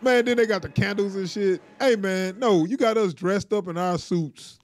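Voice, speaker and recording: A man co-hosting a casual reaction chat, laughing often and acting out quotes in an animated way. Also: sits high, normal speed. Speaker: co-host.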